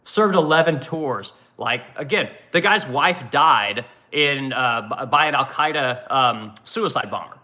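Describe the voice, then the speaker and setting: A man's voice: medium pitch, animated, measured pace, hardly any pauses, sharp tone. A man delivering a heated, profane political rant to his viewers, rambling and asking "right?" as he reads comments. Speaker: live-stream host reading comments.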